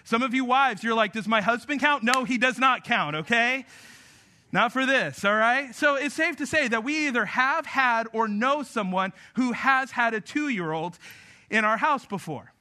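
A man's voice: extremely high pitch, measured pace, bright, forceful tone. A man in his thirties preaching a sermon, talking with the congregation in a conversational, joking way. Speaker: pastor.

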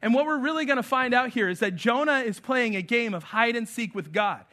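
A man in his thirties preaching a sermon, telling stories with lively acted-out voices. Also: extremely high pitch, brisk. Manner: storytelling, animated, acts out voices. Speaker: pastor.

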